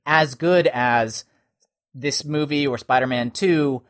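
A man's voice: medium pitch, takes it slowly, a bit bright. Rambling man in casual chat. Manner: rambling, many restarts and fillers. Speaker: podcast co-host, Spider-Man performer and suit builder.

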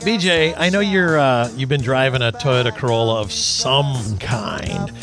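A man's voice: mid-range voice, unhurried, music in the background. A man hosting a casual car talk radio show, telling stories and acting out quotes. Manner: animated storyteller, acts out quotes.

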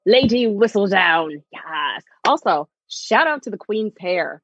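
A woman in casual chat about a TV series, animated and laughing often, acting out quotes in different voices. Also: on the low side, slow, breathy edge, dry recording, dull audio.

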